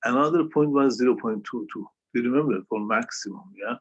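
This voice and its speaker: Man tutoring calculus, husky voice. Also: mid-range voice, brisk, highs cut off. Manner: repeats "yeah?" to check understanding. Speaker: math tutor. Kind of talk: online calculus lesson. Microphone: video call.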